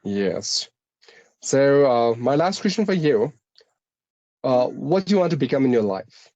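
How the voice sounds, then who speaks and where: A man with a blended Indian English accent, tinged with American and British sounds, talks at an ordinary pitch in a dry, close-sounding room. He explains things steadily, pausing often on fillers and restarting his phrases. The delivery feels like an unscripted conversation. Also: very animated, a little mellow, no room sound, muffled recording. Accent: Indian English, mixed with American and British. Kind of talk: casual conversational interview.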